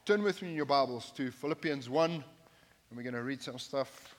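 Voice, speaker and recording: A man's voice: mid-range voice, moderate pace, slight background noise. A man preaching a sermon from the pulpit, speaking emphatically and repeating his key phrases, with joking asides to the congregation. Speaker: pastor. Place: church sanctuary, at the pulpit. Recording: long hall reverb.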